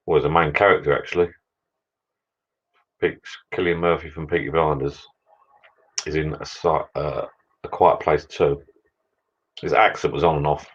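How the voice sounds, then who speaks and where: Low-voiced rambling British man. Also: steady tone, moderate pace, pauses often, slightly rough, lo-fi sound. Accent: British English. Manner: rambling and chatty, drinking beer while talking. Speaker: livestream host chatting with viewers. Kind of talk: casual live chat.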